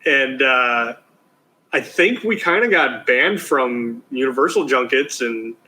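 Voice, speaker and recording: A man's voice: mid-range voice, slow pace, poor audio. A man, a TV producer, telling a story in a casual interview, acting out other people's lines with lots of "like". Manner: animated storyteller, acts out quotes; casual, many fillers like "like".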